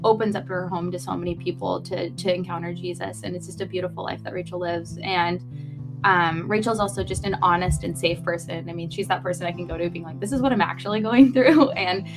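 A woman's voice: fairly low pitch, level tone, a little fast, music in the background. A young adult woman co-hosting a podcast in casual chat, effusive and heartfelt, with lots of fillers. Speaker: podcast co-host.

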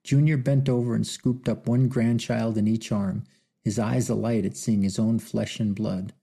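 A man narrating an audiobook in a measured, somber storytelling manner. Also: fairly low pitch, flat delivery, vocal fry, mellow, slightly rough. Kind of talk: scripted narration.

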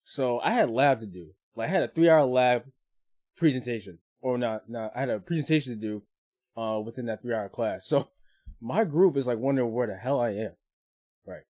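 A man's voice: medium pitch, moderate pace, a little mellow. Laid-back young man rambling casually. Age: young adult. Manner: rambling, leans on filler phrases. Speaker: podcast guest. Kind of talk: casual chat.

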